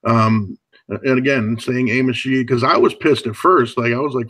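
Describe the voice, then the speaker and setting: A man's voice: mid-range voice, a little fast, fairly bright tone, rough recording. A man co-hosting a casual podcast chat, blunt and profane, often calling the other "dude.". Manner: blunt, swears a lot, says "dude". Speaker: podcast co-host.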